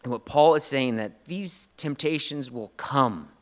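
A man's voice: medium pitch, measured pace, big-room sound. A man preaching a sermon, earnest and emotional, often restarting his phrases.

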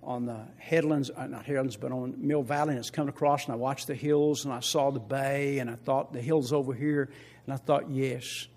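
An older man preaching a sermon as pastor, swinging between loud emphatic lines and quiet asides, repeating key phrases and asking the congregation questions. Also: medium pitch, steady tone, brisk.

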